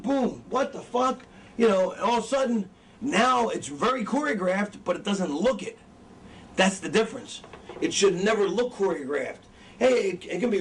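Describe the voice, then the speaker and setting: A man lecturing wrestling students in a casual, profane, rambling way, often losing his train of thought. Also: high-pitched. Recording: distant mic with background noise.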